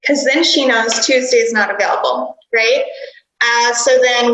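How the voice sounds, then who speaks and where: A woman coach teaching a workshop, energetic and instructive, often giggling. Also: on the high side, moderate pace, reverberant, rough recording. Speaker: dental practice coach.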